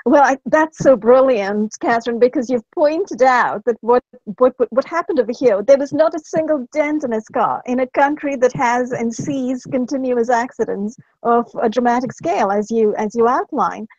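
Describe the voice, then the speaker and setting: Woman host with a high voice, indignant and emphatic, on dull, dry lo-fi call audio. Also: normal speed, hardly any pauses, a little mellow, dry recording.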